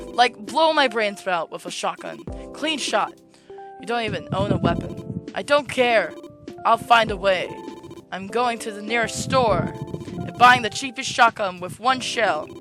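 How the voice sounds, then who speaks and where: A woman's voice: medium pitch, lightly acted. A woman voicing a gloomy young barnacle art student girl, reading her game lines with melodramatic, self-pitying outbursts. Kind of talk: reading game dialogue aloud.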